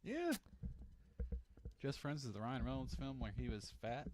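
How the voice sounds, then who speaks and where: A man's voice: mid-range voice, big pitch swings, a little slow, a little mellow, a little hiss or hum. A man co-hosting a casual podcast, laid-back and joking, swearing casually. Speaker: podcast co-host. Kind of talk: casual chat.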